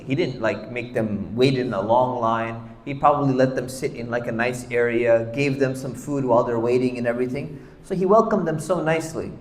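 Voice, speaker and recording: A man teaching a conversational Quran commentary class, often putting questions to his audience. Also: mid-range voice. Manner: chatty, keeps asking the audience questions. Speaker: Islamic teacher. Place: large Islamic center hall. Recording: echoey hall with long reverb.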